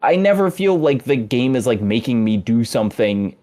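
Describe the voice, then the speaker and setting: A man on a podcast panel chatting casually about a game, in a relaxed, amused way with trailing asides. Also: mid-range voice, normal speed. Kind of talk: casual chat.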